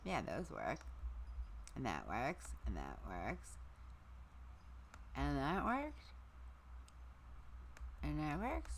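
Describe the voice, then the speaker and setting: A middle-aged woman hosting a casual livestream, chatting to her viewers, her equipment and her dogs, her voice going hoarse. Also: a bass voice, huge pitch swings, slow, pauses often, a little hiss or hum. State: losing her voice. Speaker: livestream host.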